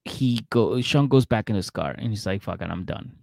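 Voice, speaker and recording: A low-pitched man with a gravelly, creaky voice recaps a reality show for a podcast, cursing freely and slipping into other people's lines as he tells it. The sound is close and dry, with no room around it. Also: expressive, normal speed, a little mellow, no echo. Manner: profane storytelling that acts out other people's lines. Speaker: podcast co-host.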